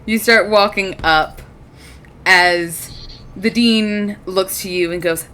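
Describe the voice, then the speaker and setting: A woman's voice: medium pitch, takes it slowly, bright, forceful tone. A woman narrating a tabletop game as game master, casual and giggly, with frequent fillers.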